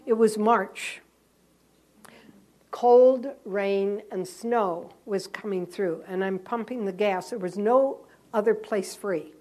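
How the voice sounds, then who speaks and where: Lively nun telling a story. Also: female voice, mid-range voice, takes it slowly. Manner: lively, self-mocking storytelling. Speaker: Catholic nun giving a talk to sisters. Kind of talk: storytelling sermon.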